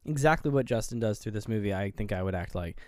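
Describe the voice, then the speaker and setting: A man's voice: on the low side, quick pace, dry recording, clean studio sound. A man co-hosting a movie podcast, retelling scenes in casual chat, swearing often and acting out the characters. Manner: animated, swears a lot, acts out scenes in voices. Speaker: podcast co-host.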